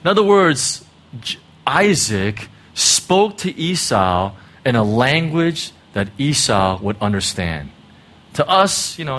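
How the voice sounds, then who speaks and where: A man's voice: mid-range voice, sing-song, measured pace, a bit bright. A middle-aged man preaching a sermon in a conversational way, often checking in with "right?" and "you know". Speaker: pastor.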